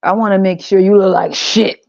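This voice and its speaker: A woman's voice: mid-range voice, fairly even intonation, normal speed, gravelly, a little mellow, no echo, highs cut off, lightly acted. A woman voicing a brash, mocking male God who talks in blunt slang, in a comedic podcast skit. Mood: preachy mocking. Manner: swaggering slangy trash talk, teasing and blunt.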